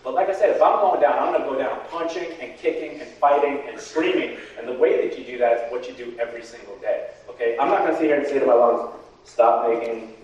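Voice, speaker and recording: Man, guest speaker, animated, keeps asking "okay?", distant mic, echoey hall. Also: medium pitch, quick pace, muffled recording. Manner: animated, repeats "okay?" to the audience. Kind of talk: talk to a patient support group.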